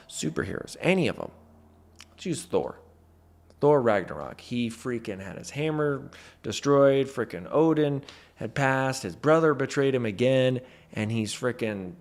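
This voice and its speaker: A man in a motivational talk to camera, a mentor who speaks emphatically and stresses his points with "freaking". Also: medium pitch.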